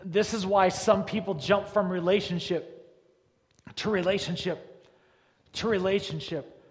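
A man, a pastor, preaching a sermon in a church, leaning hard on repeated words and rising to loud, forceful peaks. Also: sits high, steady tone, measured pace. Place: church sanctuary. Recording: long reverb of a large church hall.

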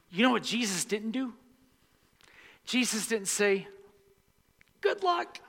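A man's voice: high voice, fairly bright tone, slightly rough. A male pastor preaching a sermon in a church sanctuary, emphatic and repeating key lines for stress. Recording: long reverb of a large hall.

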